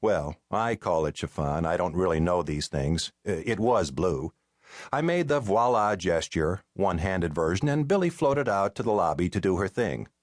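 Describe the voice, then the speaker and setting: A male audiobook narrator with a low-set voice tells a mystery in the first person, wry and deadpan. His pitch moves freely and expressively through the lines. He is close on a studio mic in a dry, dead room. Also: moderate pace, no room sound.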